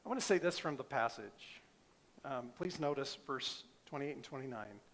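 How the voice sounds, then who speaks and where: A man's voice: mid-range voice, lively intonation, normal speed, a bit bright. A middle-aged male pastor preaching a sermon, emphatic, asking the congregation rhetorical questions.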